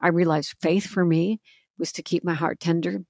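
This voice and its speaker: A woman's voice: lowish voice, fairly even intonation, moderate pace, gravelly, darkish tone, dry recording, studio quality. A middle-aged woman talking earnestly as an author guest in a faith interview, confiding and often quoting scripture.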